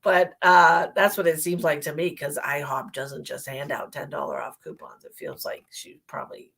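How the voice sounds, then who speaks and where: A woman's voice: deep voice, little pitch movement, normal speed, gravelly, a bit bright. A middle-aged woman, a psychic medium, chatting casually on a livestream, rambling through an anecdote with many fillers and reading viewer comments aloud.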